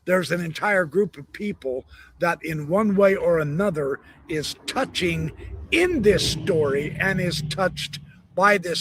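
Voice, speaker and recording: A male host giving slow, reflective commentary on a live stream. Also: on the high side, fairly bright tone, husky, no echo. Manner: slow, reflective, drawn-out phrasing.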